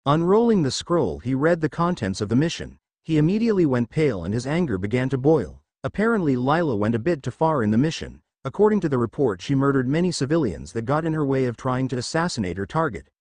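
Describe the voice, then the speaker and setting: A man narrating a fan fiction story in a steady reading voice. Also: mid-range voice, fast talker, few pauses, no echo.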